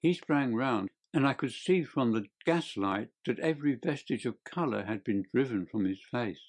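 A man narrates a story at a steady, measured pace. His voice sits in a middle pitch, even and plain. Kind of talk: audiobook narration.

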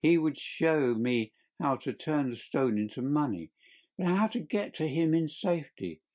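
A man's voice: lively intonation, a little slow, darkish tone. A man voicing a panicked young male thief who pleads and confesses in a crackling voice in an audiobook reading. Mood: confessing. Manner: shrill, pleading, desperate. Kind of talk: audiobook character voice.

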